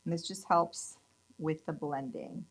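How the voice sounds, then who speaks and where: Her low voice moves at an unhurried pace over a rough recording. She's a nail tech instructor from California in her thirties, chatting brightly through a casual tutorial demo and gushing about the colors.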